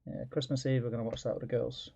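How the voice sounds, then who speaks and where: Gravelly man, dull lo-fi mic. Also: medium pitch, level tone, fast talker, dark tone. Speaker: co-host. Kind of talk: casual chat on a livestream.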